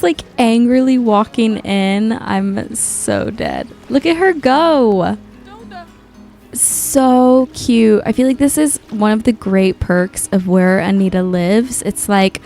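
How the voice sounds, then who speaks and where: A woman's voice: mid-range voice, darkish tone. A woman giving chatty, gushing commentary while playing a life-sim game, often exclaiming over what she sees. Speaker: gaming YouTuber. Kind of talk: casual gameplay commentary.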